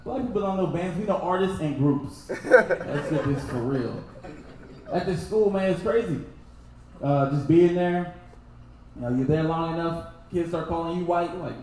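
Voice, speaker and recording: A young adult man from Texas doing a loose, laughing stand-up set that keeps jumping into loud impressions. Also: on the high side, normal speed. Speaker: stand-up comedian. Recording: very echoey room, faint noise.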